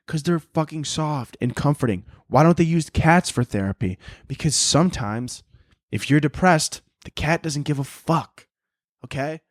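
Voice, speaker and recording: A man hosting a podcast in a casual comedic rant, talking in a profane, animated way and laughing often. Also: fairly high pitch, no room sound, clean studio sound. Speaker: podcast host.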